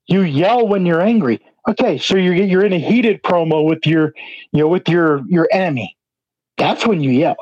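Rambling wrestler guest, slightly high voice. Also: male voice, lively intonation, moderate pace, a little mellow, slightly rough, no room sound. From New Jersey. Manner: rambling, heavy use of "you know" fillers. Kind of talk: casual interview chat. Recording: dull lo-fi, dry sound.

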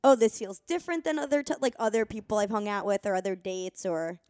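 A woman co-hosting a podcast, asking quick joking questions in casual chat. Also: mid-range voice, animated, a little mellow. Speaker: podcast co-host.

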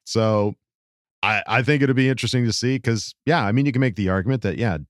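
A man's voice: mid-range voice, a little fast, no echo, clean studio sound. A man co-hosting a sports podcast in loose casual chat, full of likes and you-knows. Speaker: podcast co-host.

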